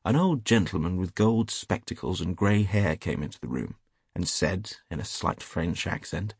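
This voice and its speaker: Low gravelly male audiobook narrator. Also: animated, normal speed, no room sound, clean studio sound.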